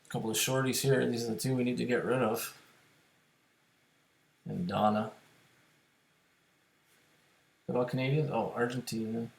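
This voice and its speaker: A man's voice: mid-range voice, fairly even intonation, a little fast, vocal fry, roomy sound. A man casually talking to his viewers while playing online poker, thinking aloud about hands and chip stacks. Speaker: poker streamer. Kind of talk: casual live-stream commentary.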